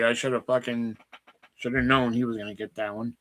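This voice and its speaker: A man's voice: lowish voice, fairly even intonation, fairly quick, a bit bright. A man hosting a casual trivia night stream, joking and swearing freely with friends. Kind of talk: casual chat over a trivia game.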